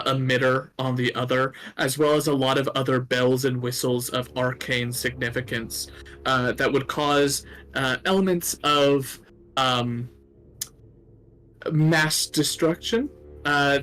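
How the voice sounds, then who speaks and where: A man's voice: medium pitch, fairly bright tone. A man narrating a tabletop game as game master, rambling, with many fillers.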